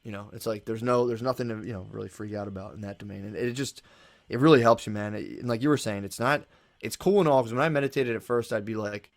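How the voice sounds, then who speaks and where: Male podcast guest, rapid rambling storyteller, casual swearer. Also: on the low side. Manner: rapid, rambling storyteller who acts out his own thoughts; casual swearing, calls listener "dude". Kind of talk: casual conversation.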